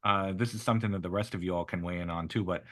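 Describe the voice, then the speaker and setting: A male interviewer asks gentle, halting questions and fills the gaps with "um" and "you know." His voice is fairly low. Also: steady tone. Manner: hesitant, filler-heavy questions. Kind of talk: oral history interview.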